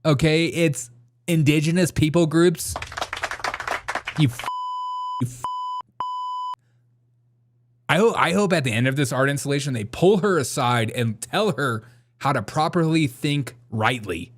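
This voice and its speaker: A man's voice: a little high, unhurried, pauses often, noisy background. A man hosting a comedy news show, commenting sarcastically on a video and laughing often.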